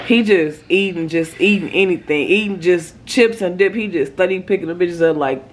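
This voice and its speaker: A woman's voice: on the low side, moderate pace. A young woman, telling a story in a vlog, swearing freely and acting out what her boyfriend said. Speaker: vlogger. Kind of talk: casual storytime chat.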